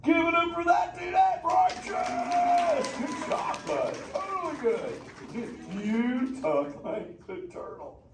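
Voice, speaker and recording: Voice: very high-pitched, wildly swooping pitch, slow, few pauses, far from the mic, loud music behind the voice, full character voice. A performer voicing a laid-back male surfer sea turtle in a live theme park show, heavy with surfer slang and chuckles. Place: indoor theater show. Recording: echoey theater heard from afar, noisy.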